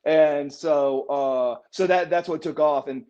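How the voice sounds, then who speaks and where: A man telling a backstage story in a casual interview, acting out other people's lines as he goes. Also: slow. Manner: animated, acts out quotes with raised pitch. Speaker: interview guest, former wrestler. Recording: muffled lo-fi audio.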